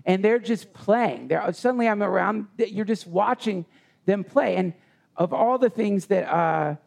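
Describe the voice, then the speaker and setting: A man with a raised pitch and a gravelly, rough edge tells a heartfelt personal story. He rambles and halts, circling back over his own words. The setting is a live retreat session. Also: a little mellow. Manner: rambling, halting with restarts. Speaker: podcast guest.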